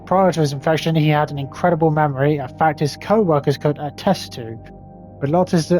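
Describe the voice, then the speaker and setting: Sarcastic young man reading game text. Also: fairly high pitch. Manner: sarcastic, swears often; stumbles over hard words. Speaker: gaming YouTuber. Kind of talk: reading game text aloud with casual commentary.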